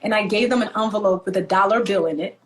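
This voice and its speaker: A woman from Nigeria, animated and laughing often as she tells stories in a conversational interview. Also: medium pitch, fast, slight background noise. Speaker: author and guest.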